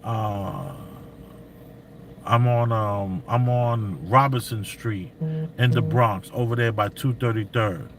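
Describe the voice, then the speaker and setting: A middle-aged man, telling stories and giving commentary in animated, slangy street talk. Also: lowish voice, slow, a little hiss or hum. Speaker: vlogger. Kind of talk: commentary and storytelling.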